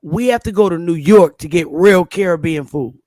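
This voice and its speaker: A woman's voice: on the low side, moderate pace, warm tone, dry recording. Blunt, emphatic woman in dry close sound. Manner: blunt, emphatic, repeats herself. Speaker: show host. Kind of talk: casual opinionated chat.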